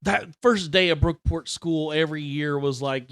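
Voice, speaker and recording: A middle-aged man telling childhood stories in casual chat, animated, exaggerating for laughs and swearing freely. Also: a little high, moderate pace, smooth, no echo, clean studio sound. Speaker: podcast co-host.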